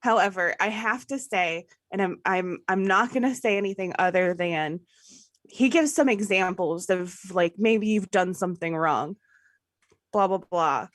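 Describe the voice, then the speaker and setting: A woman's voice: lowish voice, measured pace, fairly bright tone, no echo, clean studio sound. A woman co-hosting a podcast, reviewing a movie in casual chat with a wry, joking manner. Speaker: podcast co-host.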